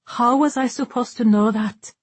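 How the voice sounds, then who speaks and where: A woman's voice: fairly high pitch, measured pace, darkish tone, breathy edge, dry recording, pitched above the performer's own voice. A woman reading an audiobook voices a defiant young woman with sarcastic, biting retorts, her voice lifted above her narrating tone. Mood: bitter, defiant.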